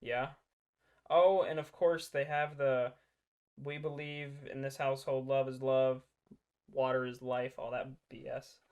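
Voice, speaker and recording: A man's voice: mid-range voice, little pitch movement, a little slow, a little mellow, clear, resonant tone. A man hosting a political reaction commentary, talking in a mocking, sarcastic way and breaking into laughter.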